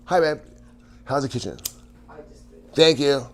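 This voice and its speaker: A man talking off the cuff to his live chat at a middling pitch. He rambles and stammers, breaks off his sentences and laughs often. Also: slow pace, a bit bright. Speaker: livestream host chatting with viewers. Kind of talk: casual livestream chat.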